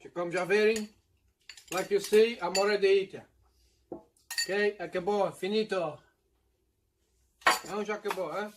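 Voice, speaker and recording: A middle-aged Portuguese man from Madeira hosts a casual eating video, his voice sitting fairly high for a man. He flips between Portuguese and English and keeps checking in with the audience with little "eh?" and "yeah?" tags. Long "mm" sounds come through while he eats. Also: fairly even intonation, moderate pace, pauses often, background noise. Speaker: mukbang host.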